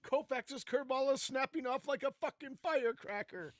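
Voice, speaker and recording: Brief: high-voiced male podcast co-host, crude and ranting, dry close sound. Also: normal speed, no echo. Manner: blunt, profane, ranting. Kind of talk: casual live podcast chat.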